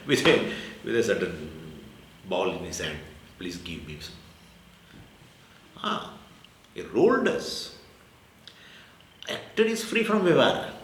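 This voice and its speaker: A man's voice: mid-range voice, a bit bright. A man with an Indian English accent giving a spiritual discourse as a Vedanta teacher, explaining in short repeated phrases with Sanskrit terms. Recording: echoey room with faint ambient noise.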